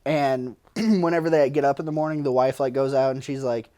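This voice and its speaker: A man guest-hosting a podcast in casual chat, excitable and laughing often, swearing and full of fillers. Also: medium pitch, fairly quick, hardly any pauses. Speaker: podcast producer, guest host.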